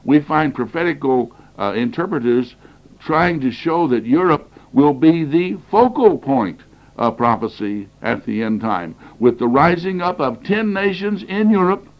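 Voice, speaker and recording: A man's voice: fairly high pitch, animated, a little slow, highs cut off. A man recovering from the flu, coughing now and then, giving an earnest, emphatic lecture on Bible prophecy that stresses points by repeating phrases, recorded on a cassette tape.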